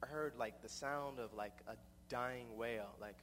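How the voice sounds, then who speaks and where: A man's voice: medium pitch, measured pace, a bit bright, big-room sound, slight background noise. A young man telling a personal story in a rambling way, with many repeated restarts.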